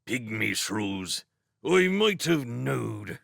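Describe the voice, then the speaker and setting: Man doing a slow rustic old mole. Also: mid-range voice, very animated, vocal fry, a bit bright, no echo, clean studio sound, exaggerated voice. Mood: knowing. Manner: slow, rustic country speech.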